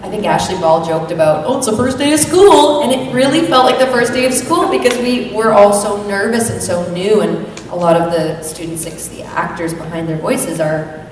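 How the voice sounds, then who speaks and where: A woman voice actor thoughtfully recalling her work on a convention panel, a little hesitant. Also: normal speed. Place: large convention hall. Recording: echoey hall from far off with rumble.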